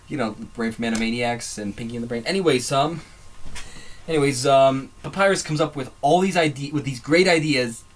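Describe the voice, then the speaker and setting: A man hosting a casual fan commentary video, rambling and digressive, often trailing off and restarting his sentences. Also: medium pitch. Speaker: video host.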